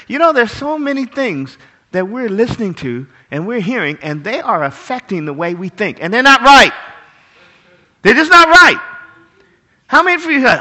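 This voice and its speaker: A man preaching a sermon as pastor, animated and jokey, acting out little voices of pets and people. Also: high voice, moderate pace, long pauses.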